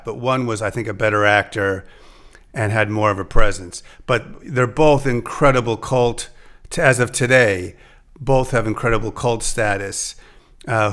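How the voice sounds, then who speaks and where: A man's voice: on the low side, a bit bright. A man hosting a podcast and chatting casually with his guest. He hesitates often and restarts his sentences. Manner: conversational, hesitant with frequent restarts. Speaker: podcast host. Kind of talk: casual chat.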